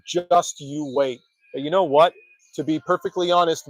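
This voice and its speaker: A man's voice: fairly high pitch, fairly even intonation, normal speed, dry recording, poor audio. A man hosting a casual wrestling chat show, rambling and joking with lots of swearing. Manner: rambling, profane, jokey. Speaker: podcast host.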